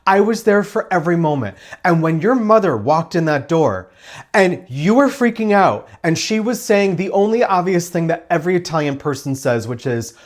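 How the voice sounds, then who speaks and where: A man's voice: on the high side, lively intonation, unhurried. Opinionated man reviewing a TV show. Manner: emphatic and opinionated, acts out quoted lines; sarcastic, dismissive asides. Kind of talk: casual spoken review.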